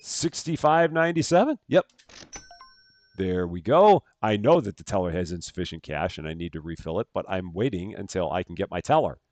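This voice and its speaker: Chatty male game streamer with a lively voice. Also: low-pitched, fairly quick, no echo. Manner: chatty, thanks viewers by name, laughs at himself. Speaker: streamer playing a bank simulator game. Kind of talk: casual live-stream gameplay commentary. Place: at home.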